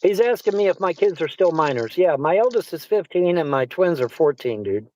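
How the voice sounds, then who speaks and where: A man's voice: on the high side, expressive, fairly quick, darkish tone, rough recording. A man chatting casually as a livestream guest, rambling, repeating himself and swearing often. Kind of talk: casual chat.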